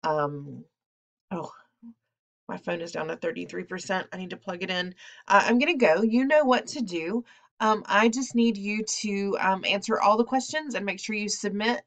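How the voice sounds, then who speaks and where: A woman teacher talks her class through the day's assignment in a recorded lesson. Her voice sits at an ordinary middle pitch, and her delivery is chatty and relaxed, full of ums and wandering asides. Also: moderate pace.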